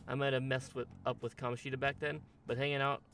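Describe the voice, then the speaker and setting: A man voicing a brash, rough-talking teenage boy with a put-on drawl while reading a game's dialogue. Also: mid-range voice, flat delivery, fast talker, a bit bright, faint music behind. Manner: slangy, drawling put-on accent. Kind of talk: game voice-over reading.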